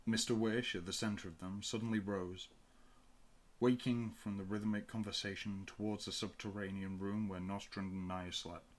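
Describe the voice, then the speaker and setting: A man reading a science-fiction audiobook in a low, steady voice. His storytelling is measured and even, pausing between phrases. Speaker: audiobook reader. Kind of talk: fan audiobook narration.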